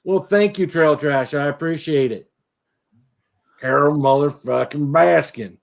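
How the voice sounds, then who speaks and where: A man's voice: a little high, unhurried, gravelly. A man hosting a casual livestream, greeting viewers by name and chatting. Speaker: livestream host.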